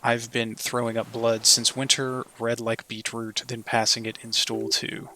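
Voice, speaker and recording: A man voicing a frail, bitter old soldier in his sixties, delivering a grim, haunted monologue in a flat voice. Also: mid-range voice, unhurried, poor audio. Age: 60s.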